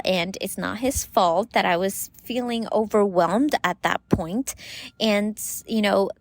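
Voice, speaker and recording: Chatty mom podcaster giving advice. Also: female voice, mid-range voice, no echo. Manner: chatty, many "you know" fillers. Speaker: podcast host. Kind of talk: casual advice talk.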